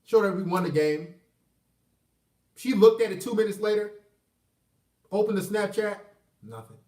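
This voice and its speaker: A man casually telling a personal story, animated and profane, swinging between loud outbursts and low mutters. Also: moderate pace. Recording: roomy echo, mic at a distance.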